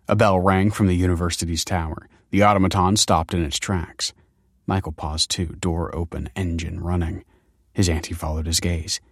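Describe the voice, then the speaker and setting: A man reading a story aloud in a measured, dramatic way. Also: sits low, fairly even intonation, no echo, studio quality. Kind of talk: scripted story narration.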